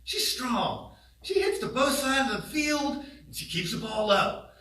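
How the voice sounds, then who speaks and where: A man impersonating a hearty older family friend with a big, loud voice, echoing in a roomy hall. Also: extremely high pitch, big pitch swings, a little slow, distant mic, voice pushed up, exaggerated voice. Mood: approving. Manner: loud, hearty, repeating himself.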